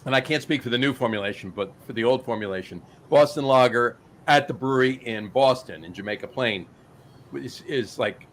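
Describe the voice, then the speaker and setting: A podcast host with a medium-pitched voice talks fairly quickly in a casual craft beer chat. He's easygoing, uses lots of fillers, and often repeats his own phrases.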